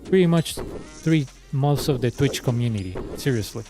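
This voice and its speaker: A man's voice: medium pitch, lively intonation, moderate pace, over music. A man with a Spanish accent, a game streamer ranting in sarcastic, exasperated commentary. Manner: sarcastic, exasperated, repeats himself.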